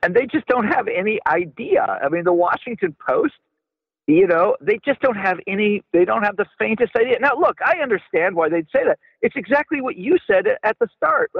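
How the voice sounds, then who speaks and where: A male author being interviewed on radio, talking in an animated way that often stumbles over and repeats his words. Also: high voice, fairly quick, gravelly, breathy edge, no room sound. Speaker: author guest. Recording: tinny phone-line sound.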